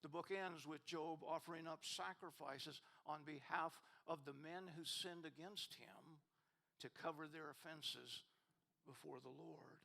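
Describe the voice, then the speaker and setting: A man preaching a sermon as pastor, reading scripture with rising emphasis and dropping soft at the ends of verses. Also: fairly high pitch, measured pace, vocal fry. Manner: rises and swells when reading scripture questions. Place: church sanctuary.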